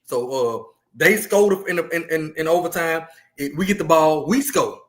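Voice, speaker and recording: A man, a podcast co-host and youth football coach, telling a story in animated, casual talk with lots of repeated words. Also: a little high, moderate pace, slight background noise.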